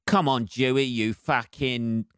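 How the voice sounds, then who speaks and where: A man's voice: medium pitch, fairly even intonation, slow, a bit bright, clean tone, dry recording, studio quality. Sweary sarcastic man ranting solo. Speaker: podcast host. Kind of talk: solo comedic rant.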